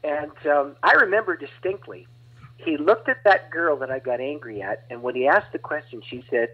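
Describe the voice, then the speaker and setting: Man, evangelist guest, dramatic storytelling, raspy voice, dull recording. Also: on the high side, normal speed. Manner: animated, dramatic retelling with laughs. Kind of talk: storytelling testimony. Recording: dull lo-fi audio.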